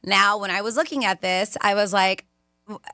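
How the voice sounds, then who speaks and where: A woman hosting a radio talk show, chatting in a lively way and laughing often, recorded on a studio microphone. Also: medium pitch, normal speed, no echo. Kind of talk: casual radio chat.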